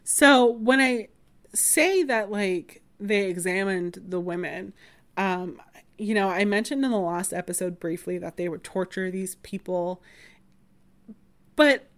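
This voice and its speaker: A woman's voice: mid-range voice, slow pace. A woman around thirty hosting a history podcast, explaining in a casual, chatty way full of "like" and "um", with wry asides. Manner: chatty, many fillers like "like" and "um".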